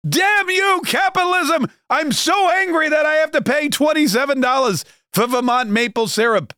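A man putting on the voice of a rich old male politician who rants in exasperation at capitalism, shrill and yelling. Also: normal speed, dry recording, clean studio sound. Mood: indignant ranting.

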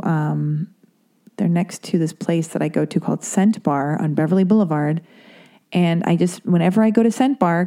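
A woman with a somewhat low, warm and relaxed voice tells a long story on her podcast. She talks casually and rambles, sprinkling in swear words and side remarks before finding her way back to the point. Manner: chatty, profane, self-interrupting with asides. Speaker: podcast host.

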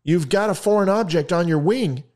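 A man voicing a brisk air traffic controller giving urgent orders during a told joke. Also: sits high, darkish tone, voice pushed up, lightly acted. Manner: urgent, commanding.

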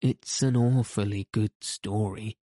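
A cheeky little boy in an audiobook, played by a man. The voice is low and quiet, barely changed from the narrator's own. It sounds a little farther from the mic. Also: steady tone, slow, dry recording, clean studio sound. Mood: offhand. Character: cheeky, talkative small boy.

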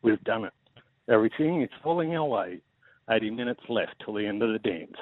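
A man in his forties with an Australian accent, a radio caller reciting a rhyming poem over the phone in a steady rhythm. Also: fairly low pitch, brisk. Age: 40s. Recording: tinny phone line.

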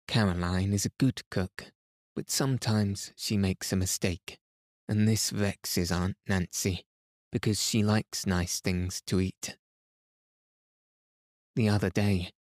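A man reading a classic novel aloud as a calm bedtime story, gentle and even. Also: on the low side, dry recording, studio quality. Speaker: podcast reader.

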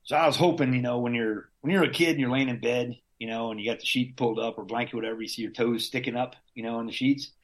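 An army veteran speaks as a guest in an unhurried, easygoing way. He is a man with a mid-range voice, telling his story casually, full of slang and the odd curse. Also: medium pitch, fairly even intonation. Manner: laid-back, slangy, drops in curses and chuckles.

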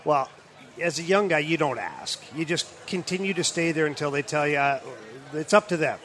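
A man's voice: on the high side, lively intonation, moderate pace, fairly bright tone. A middle-aged man, a former hockey player, telling a story in casual chat, laughing, swearing and acting out quotes. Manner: laughing, profane, acts out quotes.

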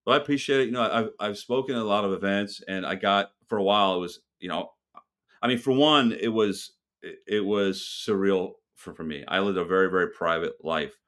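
A man with a fairly low voice talks as a podcast guest. He is blunt and fired up, and he throws in a curse word here and there. He tells his stories with a lot of heat. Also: a little fast, fairly bright tone. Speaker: restaurant owner, guest. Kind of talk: casual podcast interview.

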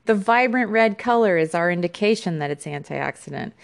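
A woman with a somewhat low voice hosts an informational podcast. She reads her segment from notes, with small fillers and restarts along the way. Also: lively intonation, brisk, gravelly. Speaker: podcast host.

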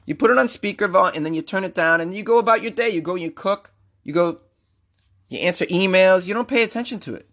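A man's voice: high voice, fast, a bit bright. A man hosting a comedic news podcast, rambling and joking in a self-mocking way. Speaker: podcast host.

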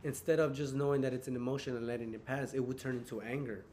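A man's voice: medium pitch, fairly even intonation, fast, a little mellow, slight background noise. Rambling young man telling stories. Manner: rambling storytelling with many fillers. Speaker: podcast host. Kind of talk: casual chat.

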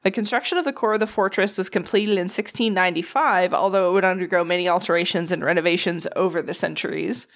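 A woman's voice: on the low side, quick pace, few pauses. A tired woman with a Southern accent, co-hosting a casual podcast, reading facts with swearing and jokes and tripping over names. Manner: profane, joking, stumbles over names. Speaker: podcast co-host.

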